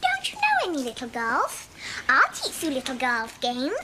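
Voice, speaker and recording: A woman's voice: high voice, wildly swooping pitch, moderate pace, very noisy. An actress playing a spoilt, clingy six-year-old girl in a television drama, speaking in a whiny, wheedling voice. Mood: demanding.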